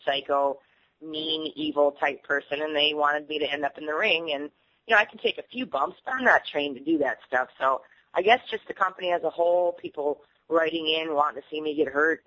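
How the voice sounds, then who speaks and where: A woman appearing as an interview guest speaks candidly, telling animated stories punctuated by laughter. Her voice sits low, and the sound comes through muffled, like a radio broadcast.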